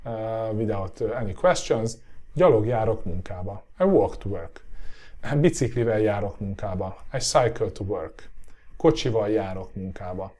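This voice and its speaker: This Hungarian-accented man, a native speaker of Hungarian, gives a language lesson in a lowish, mellow voice with lively intonation. His voice is getting hoarse and tiring, and he keeps asking "yeah?" with a rising tone while filling gaps with "uh."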